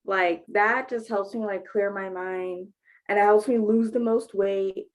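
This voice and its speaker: A woman co-hosting a casual podcast chat, talking quickly and packing in fillers. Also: mid-range voice, steady tone. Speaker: podcast co-host.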